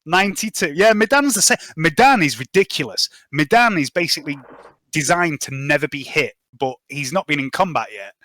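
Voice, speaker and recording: A man narrating a tabletop game as game master, chuckling and quickly reading out dice results. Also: on the high side, animated, sharp tone, no room sound.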